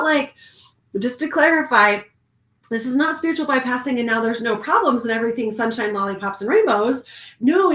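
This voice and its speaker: A woman giving a casual spiritual oracle card reading, animated and laughing often, moving from hushed calm to excited outbursts. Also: fairly high pitch, echoey room.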